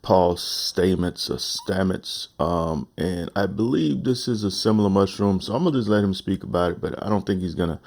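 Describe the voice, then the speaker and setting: A man's voice: deep voice, moderate pace, few pauses, darkish tone. A man in his home office chatting casually with viewers in a laid-back, folksy way and reading his own novel aloud.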